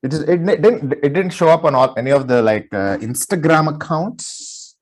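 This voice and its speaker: Male co-host from India, husky and animated, filler-heavy casual banter. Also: on the high side. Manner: quick reactions, lots of fillers. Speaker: podcast co-host. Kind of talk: casual podcast chat.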